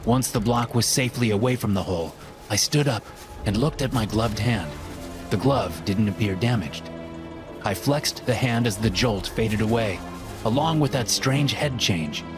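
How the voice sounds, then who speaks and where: A man with a low voice tells a first-person horror story in a steady, measured way. His scripted narration sits over loud background music.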